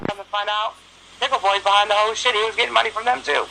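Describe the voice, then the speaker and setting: A woman's voice: mid-range voice, steady tone, quick pace, vocal fry, heavy background noise. A woman, talking bluntly and profanely in a casual phone chat, telling stories with quoted back-and-forth.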